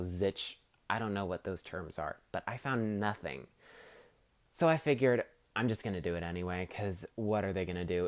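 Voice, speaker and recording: A man's voice: on the low side, no room sound. A teenage boy hosting a podcast, talking in a cocky, sarcastic and rambling way as he tells casual stories. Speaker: podcast host.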